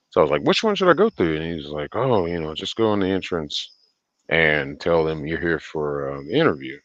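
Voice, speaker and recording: A man's voice: low voice, fairly bright tone, dry recording, highs cut off. A man hosting a livestream, telling a casual, profane, rambling story and laughing often. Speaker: livestream host.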